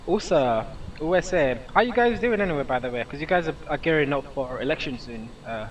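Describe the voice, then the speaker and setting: A Yorkshire man talks through a live flight-sim stream, easygoing and halting, full of "uh"s and false starts. He sits a little back from the mic, and a faint low rumble hums underneath. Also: expressive, recorded from a distance, low-quality recording. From England. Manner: halting, lots of uh fillers and restarts, answering chat. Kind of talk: casual live-stream chat while flying a sim.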